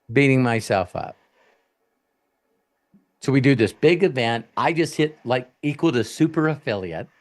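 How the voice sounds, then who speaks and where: A man coaching in a live Q&A, telling stories in a blunt, profane, animated way. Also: medium pitch.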